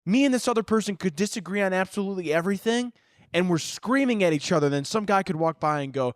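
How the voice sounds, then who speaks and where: A young man hosts a solo podcast, ranting and cursing with bursts of shouting and laughter. His voice sits on the high side for a man. The sound is dry and close, with no room echo. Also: fast talker. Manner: profane, animated ranting with sudden shouts and laughs. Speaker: podcast host.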